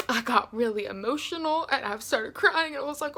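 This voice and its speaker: A young woman vlogger telling a story in a casual, animated way, with many fillers. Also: high-pitched, fairly quick, few pauses. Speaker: beauty vlogger.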